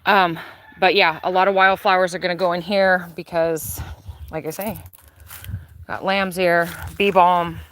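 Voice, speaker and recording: Chatty low-voiced woman touring her garden. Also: a little slow. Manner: chatty and relaxed, with frequent fillers. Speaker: gardener showing her property. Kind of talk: casual live-stream chat. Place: outdoors in a backyard garden.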